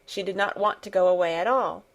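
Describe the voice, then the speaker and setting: A woman narrating an audiobook in a calm, soft, even storytelling manner. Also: medium pitch, brisk.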